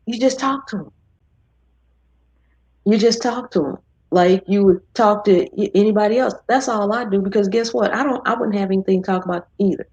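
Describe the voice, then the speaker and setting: A woman hosting a live cooking stream, talking in a chatty, easygoing way and slipping into animated voices when she quotes people. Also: medium pitch, fast talker, hardly any pauses, husky, no room sound. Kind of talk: casual chat. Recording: dull lo-fi stream audio.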